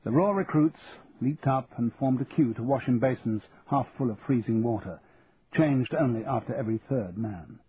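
A man narrates a book in a measured, steady voice of middling pitch. The recording is narrow and phone-like. A faint hiss sits behind him. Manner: measured and even. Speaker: audiobook narrator. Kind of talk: scripted narration.

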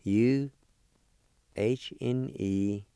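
A man's voice: medium pitch, drawn-out words, dark tone, smooth, dry recording. A man teaching a language on the radio, patiently spelling words letter by letter and repeating each syllable. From Oklahoma, United States. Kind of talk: slow language lesson, spelling and pronouncing words.

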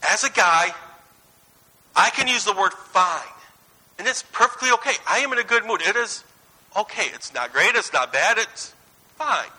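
Male preacher, 30s, high and very bright voice, chatty anecdotal sermon delivery. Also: normal speed, pauses often, husky, poor audio. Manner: conversational, anecdotal, swings between lively and hushed.

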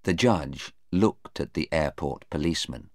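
A man narrating a graded-reader story in a slow, clear and careful way. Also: extremely low pitch, no echo, clean studio sound.

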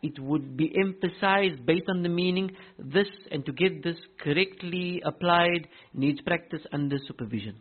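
A man's voice: on the high side, normal speed, few pauses. Man teaching Quran recitation, thin phone sound. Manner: explanatory, restarts often, pronounces Arabic terms carefully. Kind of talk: explaining a tajweed text in a class. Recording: tinny phone-like recording.

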